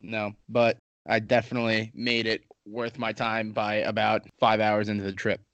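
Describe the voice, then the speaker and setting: A man's voice: fairly low pitch, completely flat delivery, moderate pace, fairly bright tone, smooth, dry recording, dull audio. A man co-hosting a podcast, telling loose, profane stories in casual chat. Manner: crude, swearing, laid-back storyteller. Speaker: podcast co-host.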